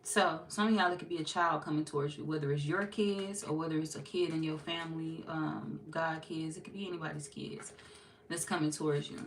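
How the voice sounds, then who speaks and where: A woman's voice: low-pitched, steady tone, fairly quick, slight background noise. A woman giving a casual, chatty tarot reading to her viewers, laughing often and slipping into playful quoted voices. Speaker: tarot reader.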